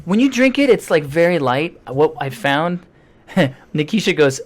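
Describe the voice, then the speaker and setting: A man's voice: fairly high pitch, lively intonation, moderate pace. A man co-hosting a casual podcast, joking and crude, telling stories among friends. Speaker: podcast co-host. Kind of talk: casual chat.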